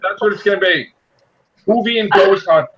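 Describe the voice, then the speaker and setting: A man hosting a casual group chat, excitable, breaking into loud shouts and laughter. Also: high-pitched, moderate pace, dull audio, a little hiss or hum. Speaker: podcast host.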